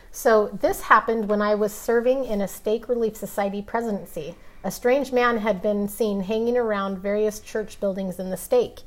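A woman co-host reading a listener's letter aloud and chatting in between. Her delivery is plain and matter-of-fact, at a mid pitch. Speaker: podcast co-host. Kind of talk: casual chat and reading listener mail.

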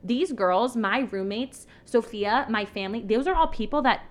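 A woman's voice: fairly high pitch, lively intonation. A young woman co-hosting a faith podcast, chatting in a bubbly way with lots of "like". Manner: bubbly, quick, full of "like". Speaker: podcast co-host. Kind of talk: casual faith podcast chat.

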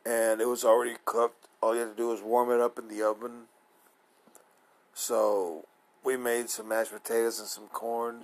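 A man with a medium-pitched voice hosts his own talk show in a casual solo monologue. Sleepy and yawning, he sounds nervous and apprehensive, rambling and hesitating with many fillers. The audio quality is poor.

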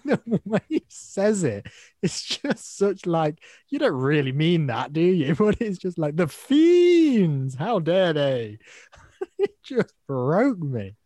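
Mellow-voiced man, amused casual chat. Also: a little high, big pitch swings, slow pace, no room sound, studio quality. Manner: amused, laughs while retelling lines. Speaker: podcast co-host.

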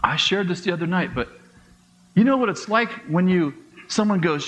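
A middle-aged man, a pastor, preaching a conversational sermon with quick asides, acted-out dialogue and laughs. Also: high-pitched, animated, fairly bright tone, highs cut off.

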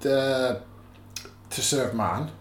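A man's voice: mid-range voice, very slow, echoey room, a little hiss or hum. A man co-hosting a casual podcast chat, animatedly retelling plots at length. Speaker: podcast co-host.

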